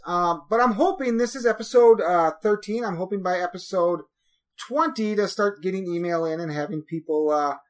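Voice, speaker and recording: A man's voice: high voice, a bit bright. A man hosting a podcast in a casual, rambling way, telling stories with lots of fillers. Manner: rambling, chatty storytelling with frequent fillers. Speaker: podcast host.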